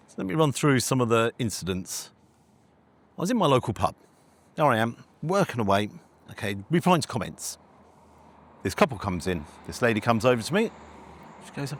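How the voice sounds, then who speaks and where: A man, a food reviewer, telling a story in an animated way and acting out conversations. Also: mid-range voice, moderate pace, pauses often. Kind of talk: storytelling vlog.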